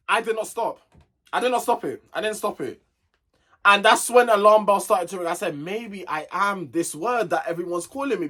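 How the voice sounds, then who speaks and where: A man's voice: fairly high pitch, a bit bright. A young man telling a personal story in a chatty, digressive, slang-filled way. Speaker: vlogger. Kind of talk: casual storytime chat.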